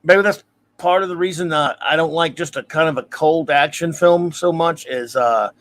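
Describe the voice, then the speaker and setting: A man's voice: on the high side, moderate pace, a bit bright. A man who is a guest on a casual film discussion. He speaks thoughtfully, hedges his opinions and reads viewer comments aloud.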